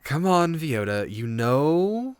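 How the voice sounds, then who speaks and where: A man voicing a weary, reserved masked man who talks in a tired, sighing, measured way. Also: a little high, very animated, clear, resonant tone, no echo, voice pushed up.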